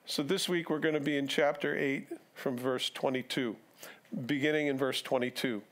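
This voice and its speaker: A man's voice: on the high side, measured pace, a bit bright. A male pastor giving a casual, conversational sermon, asking his congregation questions and acting out the dialogue of the story he reads. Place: church sanctuary.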